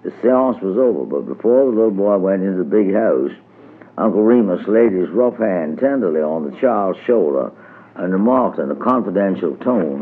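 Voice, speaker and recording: A man reading a storybook tale aloud in a lilting, measured way, on a tinny old radio recording. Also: low-pitched, lively intonation, husky. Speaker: narrator.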